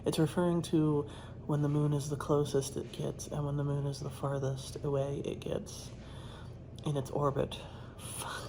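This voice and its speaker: A woman's voice: sits low, level tone, normal speed, background noise. A woman streaming from home, chatting in a loose, rambling way, swearing often and trailing off mid-thought. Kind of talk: casual rambling chat.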